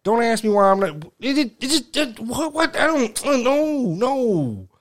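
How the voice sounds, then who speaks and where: A man hosting a casual podcast, ranting loudly and swearing heavily as he talks. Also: very high voice, sing-song, unhurried. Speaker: podcast host. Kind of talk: casual profane chat.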